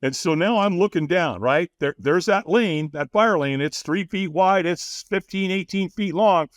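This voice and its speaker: Measured and high-voiced, a man tells an energetic story as a podcast guest, mimicking the people he quotes and laughing often along the way. The audio is dry and studio quality.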